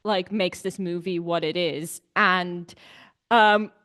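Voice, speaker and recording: A woman's voice: fairly low pitch, fairly even intonation, slow pace, a bit bright. A woman co-hosting a podcast, enthusiastically discussing a film in casual chat, filling her talk with "like". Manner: enthusiastic, many fillers like "like". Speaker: podcast co-host.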